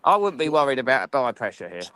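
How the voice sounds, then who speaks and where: Relaxed Englishman with a dry voice. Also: medium pitch, fast, clear, resonant tone, no echo. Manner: relaxed, rambling with restarts, says "mate". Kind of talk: casual live-stream chat.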